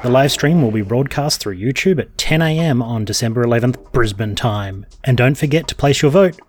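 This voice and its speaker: A man presenting a gaming news segment in a brisk scripted delivery, recorded at home. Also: medium pitch, expressive, slight background noise. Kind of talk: read news segment, then casual chat. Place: apartment beside a train line.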